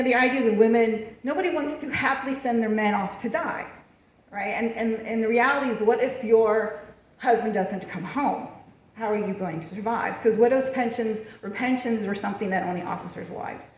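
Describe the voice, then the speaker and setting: A woman speaks to a library audience about history in a lively, chatty way, laughing often and asking "right?" as she goes. Her voice sits a little high and is picked up from some distance. It reaches the mic through a very echoey room with a slightly dull sound. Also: moderate pace. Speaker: history lecturer. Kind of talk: public library talk with slides. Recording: far from the mic, roomy and dull.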